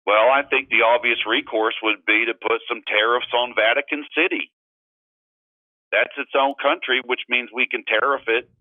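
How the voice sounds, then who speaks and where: A man's voice: medium pitch, fairly even intonation, normal speed, no room sound, natural voice. A man on a phone call, putting on a glib, boastful politician for laughs. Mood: smug bluster. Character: smug man playing a hard-line politician. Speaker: caller. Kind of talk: comedy impression call-in. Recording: tinny dry phone line.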